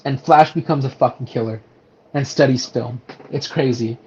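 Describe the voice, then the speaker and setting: Brief: male podcast co-host, loose and rambling, dull low-fi recording. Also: normal speed, a little mellow. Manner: rambling, lots of restarts and swearing. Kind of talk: casual movie review chat.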